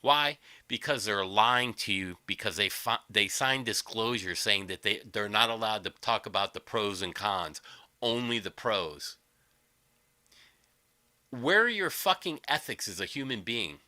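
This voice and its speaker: A man ranting on his livestream, combative and sarcastic, with constant swearing. His pitch leaps up and down, and his voice is bright and cutting. The sound is dry and close to the mic. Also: animated, a little slow, no room sound. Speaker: livestream host. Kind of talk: angry profane rant.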